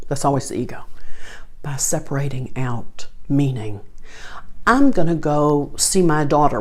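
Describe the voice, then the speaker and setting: An older woman giving a spiritual talk, telling lively stories and slowing down to stress her points with earnest emphasis. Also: low-pitched. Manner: animated storyteller who acts out dialogue, then slows to earnest emphasis. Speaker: spiritual teacher.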